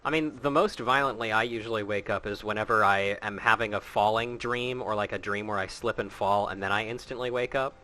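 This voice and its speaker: A man's voice: fairly low pitch, fairly even intonation, fairly quick, few pauses, sharp tone. A man streaming a game who chats casually, laughs often and swears. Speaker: streamer reading a game aloud.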